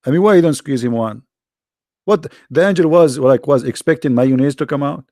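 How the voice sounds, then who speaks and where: Gravelly, tired-voiced mocking debate host. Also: male voice, fairly high pitch, fairly quick, darkish tone, dry recording, clean studio sound. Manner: mocking and sarcastic. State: tired, worn-out voice. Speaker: host of a live call-in debate. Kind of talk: live call-in debate chat.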